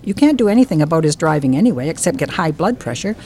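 Older woman author, low mellow voice, expressive reading, faint room noise. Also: fast talker. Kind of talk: reading from her book, then interview chat. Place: bookstore.

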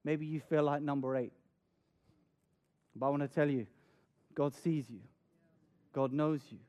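Preacher, male, high voice, earnest sermon delivery with dramatic retellings and stuttered repeats. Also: steady tone, measured pace, warm tone. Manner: earnest, repeats words when stressing a point; dramatic, acts out scenes with raised voice.

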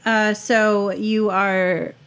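A woman running a tabletop game as game master, speaking in a halting way with many fillers. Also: medium pitch, little pitch movement, a bit bright.

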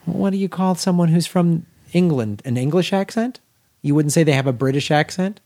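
An American man co-hosts a podcast in loose movie chat, rambling in an animated way and restarting his sentences. His voice sits fairly high and swoops up and down a lot. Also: moderate pace. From United States. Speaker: podcast co-host. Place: garage.

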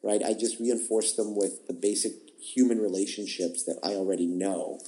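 A man's voice: fairly low pitch, steady tone, moderate pace, mellow, rough recording. A man, an improv teacher, answering interview questions in a thoughtful, explanatory way, often restarting and repeating words. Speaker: improv teacher, podcast guest.

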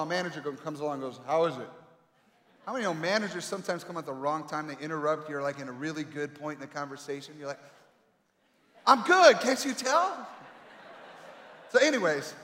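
A man preaching a sermon with emphatic delivery and dramatic pauses, swinging between loud calls and quiet asides. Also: a little high. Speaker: pastor. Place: large echoey hall. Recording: echoey hall with long reverb.

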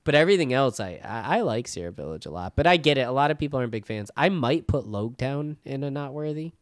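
A man's voice: mid-range voice, lively intonation, fast talker, no echo, clean studio sound. A young man hosting a casual podcast chat, enthusiastic, often saying dude and swearing casually. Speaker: podcast host.

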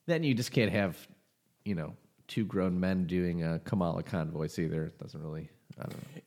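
A man's voice: deep voice, moderate pace, darkish tone. A young man hosting a casual podcast, talking in an opinionated, rambling way. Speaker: podcast host.

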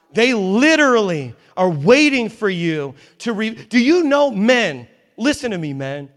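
Male pastor, emphatic sermon delivery, wry asides, a touch higher than typical. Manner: emphatic, conversational, joking asides. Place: church in New York.

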